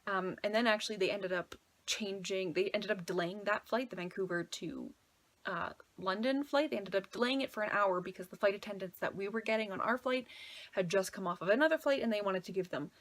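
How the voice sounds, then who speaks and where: Young woman, twenties, breathy, chatty casual storytelling, lots of "like". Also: mid-range voice, fairly quick, fairly bright tone. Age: 20s. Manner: chatty, fills talk with "like", anxious retelling. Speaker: travel vlogger.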